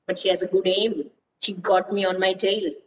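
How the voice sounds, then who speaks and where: A woman's voice: medium pitch, flat delivery, normal speed, voice pushed down, natural voice. A woman voicing a timid, grumbling male squirrel in a storybook reading, nervous and complaining. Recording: voice distant from mic.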